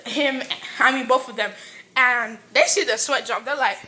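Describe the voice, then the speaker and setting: A young woman casually retelling a fan-made story, rambling with many fillers and slipping into quick character voices. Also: fairly high pitch, bright, forceful tone.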